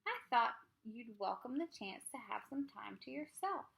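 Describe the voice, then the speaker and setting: A woman reading a children's book aloud, voicing a calm, agreeable mother in a measured, even-tempered way. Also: fairly high pitch, vocal fry, voice pushed up, exaggerated voice, low-quality recording.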